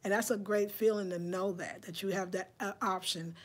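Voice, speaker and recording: Talking at normal speed with a mid-range voice and fairly even intonation, a woman in her fifties from New York vlogs about lifestyle from her home. She addresses her viewers casually and warmly, like she's chatting with girlfriends.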